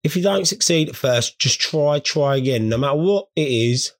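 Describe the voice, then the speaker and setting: A man's voice: fairly high pitch, lively intonation, moderate pace. A man in a crude, rambling comedic rant, swearing freely as he talks to his viewers. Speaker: vlogger. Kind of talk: casual comedic rant to camera.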